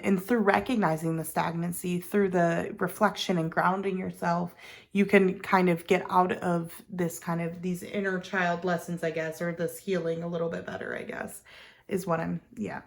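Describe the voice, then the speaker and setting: Woman tarot reader, casual chatty delivery with fry, lots of ums and restarts. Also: on the low side, steady tone, normal speed. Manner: chatty, meandering, with many ums and self-corrections. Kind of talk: casual pick-a-card tarot reading.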